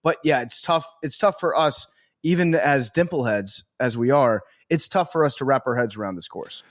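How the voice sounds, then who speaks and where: A male co-host talks sports in an easy, casual way and slips in dry, deadpan jokes. His voice sits at an average pitch for a man. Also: normal speed. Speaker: podcast co-host.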